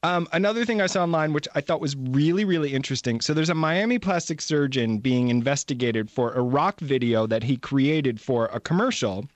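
A man's voice: mid-range voice, animated, a little fast, hardly any pauses, no room sound. A middle-aged man hosting a talk show, chatting casually and laughing often. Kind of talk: casual chat.

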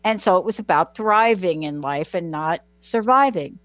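A woman with a Southern US accent hosting talk radio, rambling warmly through stories and catching herself mid-sentence. Her voice is dry and close on the mic, with no room sound around it. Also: on the low side, normal speed, no room sound. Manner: chatty, animated storyteller with self-interruptions. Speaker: radio show host. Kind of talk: casual talk radio monologue. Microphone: studio microphone, close.

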